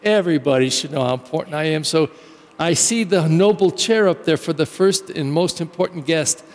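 A smug, self-important dinner guest musing to himself, as a priest puts him on mid-sermon. The voice sits high for a man. It carries a long church reverb. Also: normal speed, close to an everyday voice.

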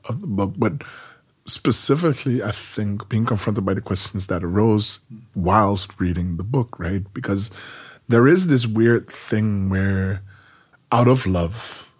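Husky deep-voiced reflective man. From Netherlands. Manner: reflective, halting, with many repeats. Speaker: interviewer. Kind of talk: interview conversation.

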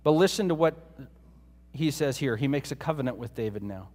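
A man's voice: medium pitch, animated, brisk, a little mellow, big-room sound. A man preaching a sermon in a conversational way, often putting rhetorical questions to his listeners.

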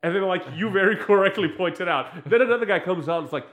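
A man chatting casually as a podcast co-host, his voice sitting a little high. He tells stories with animated mockery and often breaks into laughter. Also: quick pace, reverberant. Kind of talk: casual chat.

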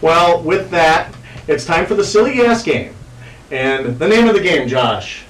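A man's voice: on the high side, lively intonation, a little slow, fairly bright tone, recorded from a distance. A man hosting a podcast, rambling crudely with lots of fillers, in an echoey room away from the mic. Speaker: podcast host. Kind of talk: casual chat.

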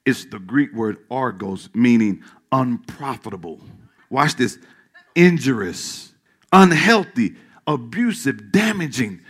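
A male pastor preaching a sermon in church, calling out questions to the congregation and dropping into hushed asides. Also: medium pitch, lively intonation, slow pace, breathy edge. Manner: call-and-response preaching, swings from loud to hushed asides.

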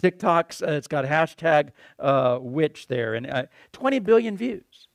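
A man hosting a Christian talk show, talking in a rambling, excitable way, repeating words and calling things crazy. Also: a little high, measured pace, gravelly, dry recording, studio quality. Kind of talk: casual conversational preaching.

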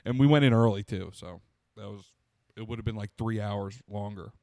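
A man's voice: lowish voice, moderate pace, gravelly, mellow, no echo, clean studio sound. A young man, a podcast co-host in casual chat, telling crude stories with lots of laughter and acted-out quotes. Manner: crude, laughing storyteller who acts out quotes.

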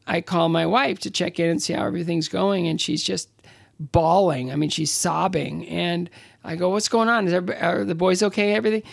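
A man in his sixties, an interview guest telling stories casually, halting with many fillers and restarts. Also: high voice, gravelly, no room sound, clean studio sound. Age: 60s. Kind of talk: casual conversational storytelling.

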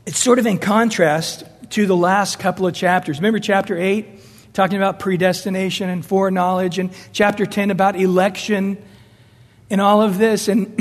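A man's voice: sits high, long reverb tail. A man preaching a sermon emphatically, rising and falling as he acts out the voices he quotes. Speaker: pastor.

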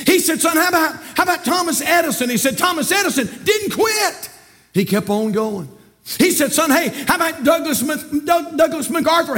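A pastor with a Southern US accent preaches from the pulpit, his voice sitting very high for a man. He moves between quiet, storytelling passages and ringing, emphatic calls to his church. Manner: emphatic preaching that rises to shouts and drops low. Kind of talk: sermon with storytelling.

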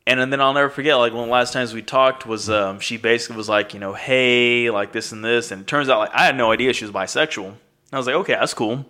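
A man's voice: medium pitch, very fast, bright, forceful tone. A man in his thirties telling a rambling, profane story in casual chat, acting out what people said. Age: 30s. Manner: profane, rambling, acts out quoted dialogue.

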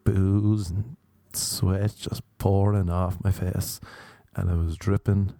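A man's voice: sits low, flat delivery, slow, creaky, warm tone, no room sound. A young Irish man hosting a podcast, telling a rambling, self-deprecating comic story. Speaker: podcast host.

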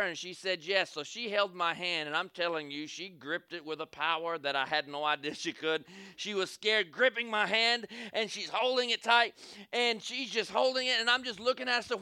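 A man's voice: sits high, moderate pace, clean tone, no echo, studio quality. A man preaching a sermon, telling a story and calling on the crowd for amens, acting out scenes as he goes. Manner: animated, calls for amens, acts out scenes.

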